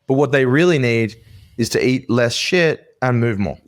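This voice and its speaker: A man's voice: medium pitch, animated, moderate pace. A man, co-hosting a sales podcast and telling stories in a loose, rambling way full of fillers. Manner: rambling, filler-heavy storytelling. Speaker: podcast co-host. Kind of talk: casual chat.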